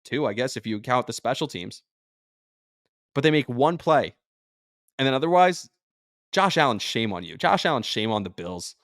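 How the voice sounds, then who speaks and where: A man hosting a sports podcast in an emotional, rambling way, jumping from thought to thought. He sounds drained. His voice sits at a middling pitch and is recorded dry and close, with no room sound. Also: lively intonation, moderate pace, long pauses, a bit bright, no room sound. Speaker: podcast host and sports radio personality.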